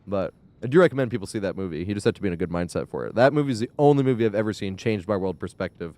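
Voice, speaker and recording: A man talks through a live game stream in a loose, rambling way. His voice sits on the lower side and sounds smooth and clear. He laughs often and swears freely as he chats. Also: lively intonation, rapid-fire, dark tone. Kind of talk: casual live-stream chat.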